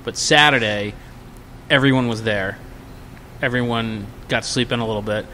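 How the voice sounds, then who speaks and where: A man co-hosting a podcast, telling a drinking story in a casual, animated, profane way. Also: medium pitch, moderate pace, long reverb tail, slight background noise. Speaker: podcast co-host.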